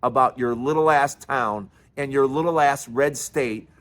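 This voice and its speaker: A man's voice: medium pitch, a little slow, a bit bright. A man hosting his own political commentary show, delivering a fiery, scornful rant full of sarcasm, mockery and swearing. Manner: sarcastic, mocking and profane.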